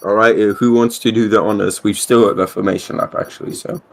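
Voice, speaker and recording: A man commentating a live sim race, excitable and chatty with casual swearing. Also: fairly low pitch, fast, gravelly.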